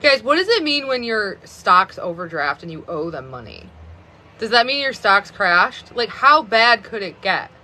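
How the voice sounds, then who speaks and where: A woman of about thirty talks into her phone on a live stream. Her voice is bright and a little sharp, and she rambles casually, stringing thoughts together with frequent fillers of "like.". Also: medium pitch, big pitch swings, a little slow. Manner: rambling, chatty, many fillers of "like".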